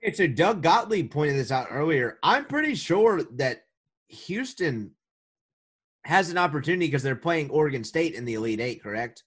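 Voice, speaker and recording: A man co-hosting a casual sports podcast, talking in an animated, joking way with quick restarts. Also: fairly high pitch. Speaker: podcast co-host.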